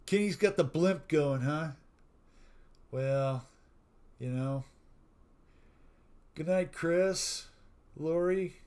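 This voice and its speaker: Man, livestream host, unhurried drawl, slightly high voice, laughs a lot. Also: smooth. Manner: slow, warm sign-off talk with frequent laughing at chat jokes. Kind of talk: casual live-stream chat.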